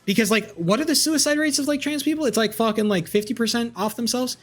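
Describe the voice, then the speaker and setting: A man's voice: very high-pitched, fast talker, soft background music. A man streaming live, ranting combatively and profanely as he argues with chat. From United States. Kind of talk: live-stream political rant.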